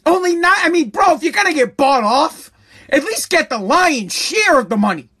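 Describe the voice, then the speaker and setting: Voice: high voice, normal speed. Sarcastic, sweary political ranter. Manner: mocking, sweary, swings between shouting and mock calm. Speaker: political commentator. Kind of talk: profane sarcastic rant.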